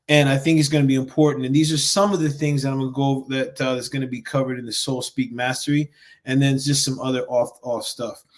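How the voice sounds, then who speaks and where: A man who founded a men's education group, coaching viewers in an earnest, animated live-stream talk with frequent restarts and pauses. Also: medium pitch. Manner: mimics harsh self-talk in sharp raised bursts.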